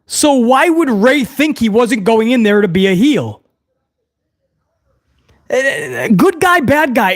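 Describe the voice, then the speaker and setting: A man hosting a live watch-along review, ranting heatedly to his chat with plenty of swearing. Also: very high-pitched. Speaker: host of a wrestling review show.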